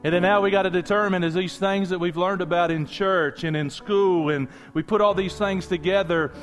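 Soft music plays behind a man preaching a sermon in a high voice at normal speed. As pastor, he addresses his congregation directly in an animated, conversational way, with jokes and asides along the way.

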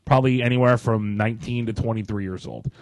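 Male podcast host, animated storyteller who laughs a lot, dry studio sound. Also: lowish voice, fast talker, dry recording. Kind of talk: casual chat.

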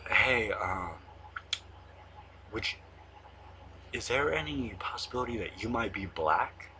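A young man mimicking a hushed, low-voiced male teacher. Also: animated, slow, background noise. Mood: probing.

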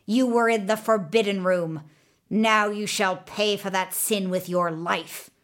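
A woman's voice: mid-range voice, fairly even intonation, unhurried, a bit bright, close to an everyday voice. A woman voicing an evil old witch who talks sharply and menacingly.

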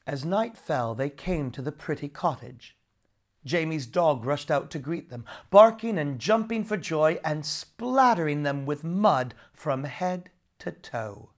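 A storyteller reading a children's storybook aloud in an expressive, unhurried way. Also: medium pitch.

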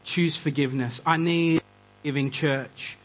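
A man preaching a conversational sermon, animated and acting out quoted voices. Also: fairly high pitch, unhurried, rough recording. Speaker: pastor.

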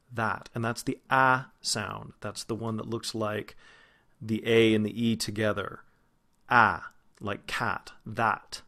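A man who is a vocal coach, giving a pronunciation lesson and slowly demonstrating single sounds and words. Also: medium pitch, a bit bright. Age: adult, past grad school.

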